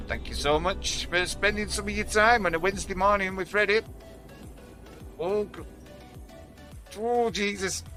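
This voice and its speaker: Cheery man streamer host, bright, slightly high voice, music and game sounds underneath. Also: unhurried, long pauses. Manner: chatty, cheery, laughs often. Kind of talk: casual gaming stream chat.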